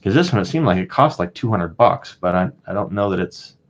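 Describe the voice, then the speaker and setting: Low-voiced man chatting on a lo-fi stream. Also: lively intonation, a little fast. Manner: rambling, chatty, reads out viewer names; frequent fillers and restarts, chuckles often. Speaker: streamer and coin collector. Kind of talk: casual live stream chat.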